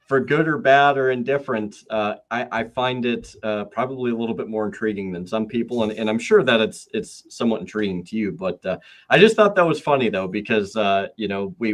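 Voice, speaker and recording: A man hosting a podcast, talking casually and rambling with many fillers and restarts. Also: on the low side. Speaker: podcast host.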